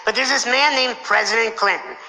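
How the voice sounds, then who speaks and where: A man's voice: very high voice, lively intonation, brisk, gravelly, bright, forceful tone. A man giving a motivational keynote talk on stage, telling a story playfully and acting out other people's lines. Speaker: motivational speaker. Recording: long hall reverb.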